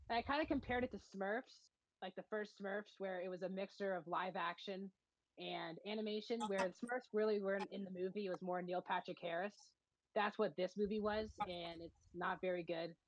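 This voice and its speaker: A woman's voice: medium pitch, a little hiss or hum, poor audio. A woman co-hosting a podcast, reviewing movies in a matter-of-fact, casual way with frequent ums.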